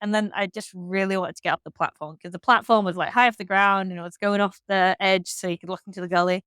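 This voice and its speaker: A woman from England with an English accent, a guest telling a story in casual chat, frank and animated, swearing freely. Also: mid-range voice, fast, smooth, dry recording. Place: hostel room.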